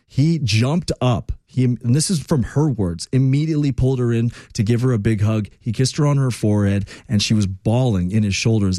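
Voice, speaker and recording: A man's voice: on the low side, dark tone, dry recording, clean studio sound. A man hosting a talk radio show, telling a story in a chatty, emphatic monologue.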